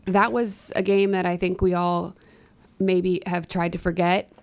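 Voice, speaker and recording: A woman TV sports host and reporter giving a measured, matter-of-fact recap in casual chat. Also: fairly low pitch, little pitch movement.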